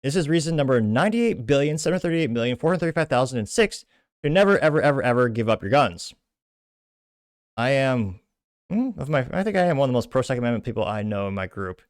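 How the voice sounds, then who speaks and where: A man's voice: medium pitch, big pitch swings, fast, smooth, no room sound, studio quality. A man from Texas, ranting through indignant political commentary as host.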